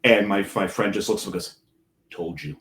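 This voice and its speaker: Deep-voiced man telling a story. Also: flat delivery, fairly quick, a bit bright. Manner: storytelling, laughs often. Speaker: co-host. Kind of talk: casual podcast chat.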